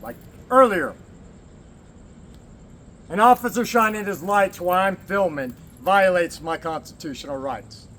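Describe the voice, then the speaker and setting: A man's voice: high-pitched, measured pace, pauses often, fairly bright tone. A man from the American Southwest, at least in his forties, talking candidly in a rambling personal vlog. He swears, laughs often and speaks in short bursts. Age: 40s or older. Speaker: vlogger.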